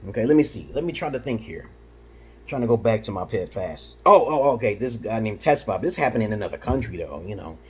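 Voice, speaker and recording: Brooklyn-raised man, rough-edged voice, boastful and provocative, keeps asking "okay?" in a loose vlog monologue. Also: on the low side, expressive, fast talker, a little mellow. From Brooklyn, New York. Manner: peppers talk with "okay?". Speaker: vlogger. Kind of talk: rambling casual monologue.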